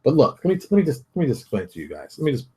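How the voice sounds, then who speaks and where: A middle-aged man hosting his own show from his home office, ranting bluntly and casually. His voice keeps jumping high and dropping low as he presses his points. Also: rapid-fire. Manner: blunt, animated ranting with big pitch jumps. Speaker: host. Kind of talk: casual solo vlog commentary.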